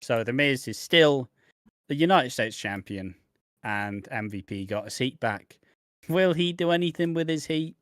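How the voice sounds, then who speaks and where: A man's voice: medium pitch, expressive, measured pace, a bit bright, dry recording, studio quality. A man co-hosting a podcast, reviewing wrestling in casual, sardonic, swear-laden chat. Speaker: podcast co-host.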